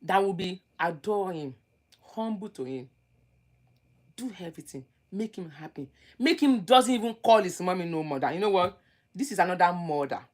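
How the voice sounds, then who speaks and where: A woman lectures her viewers in a fairly low voice, driving each point home and repeating it. She jumps from loud outbursts to quiet muttering. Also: animated, moderate pace. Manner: emphatic and preachy, repeats key phrases. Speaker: relationship advice vlogger. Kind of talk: lecturing advice monologue.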